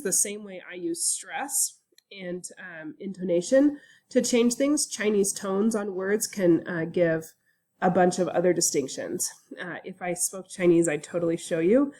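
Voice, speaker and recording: A woman university instructor with a fairly low pitch gives a casual recorded online lecture. She sounds relaxed and chatty and uses fillers frequently.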